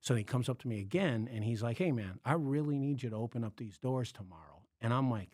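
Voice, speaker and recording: A man hosting a podcast, telling a long story in a casual, animated way, acting out quotes and laughing often. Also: mid-range voice, fast, few pauses, dry recording, clean studio sound. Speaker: podcast host, comedian.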